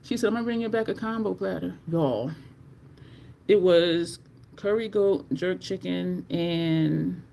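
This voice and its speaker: An animated, talkative livestream host chats casually with viewers at home. The voice sits at a mid pitch, and a faint hiss runs underneath. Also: unhurried, vocal fry. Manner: chatty and animated, addresses viewers as y'all. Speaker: livestream host reviewing makeup.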